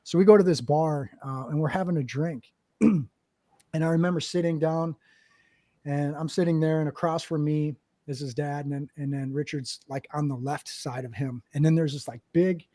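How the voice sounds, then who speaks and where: A man hosting a podcast, telling a war story in a lively, profane way and acting out the people he quotes. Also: fairly high pitch, moderate pace, no echo, studio quality. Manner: animated, profane, acts out quotes. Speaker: podcast host, Marine veteran. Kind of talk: casual storytelling.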